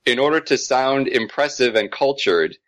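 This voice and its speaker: A man co-hosting a casual film podcast, chatting, laughing often and explaining things with animated detail. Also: mid-range voice, moderate pace, dry recording. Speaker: podcast co-host. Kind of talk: casual film review chat.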